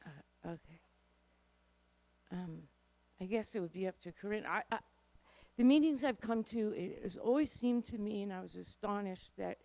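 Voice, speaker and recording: A woman's voice: medium pitch, moderate pace, gravelly, warm tone, no room sound. A woman asking a question and commenting at a town meeting, hesitant at first, then appreciative. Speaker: meeting participant.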